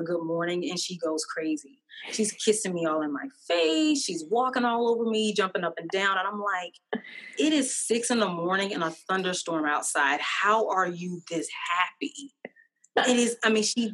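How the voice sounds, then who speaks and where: Brief: woman, slightly low voice, sincere and reflective, casual faith chat. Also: fairly bright tone. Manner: earnest and reflective, speaks of God and joy.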